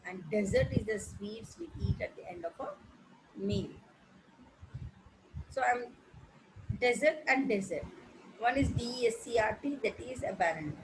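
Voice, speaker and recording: A woman teaching an English vocabulary lesson, explaining slowly, spelling words letter by letter, with frequent pauses and fillers. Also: medium pitch, noisy background. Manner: hesitant, with frequent fillers and self-corrections.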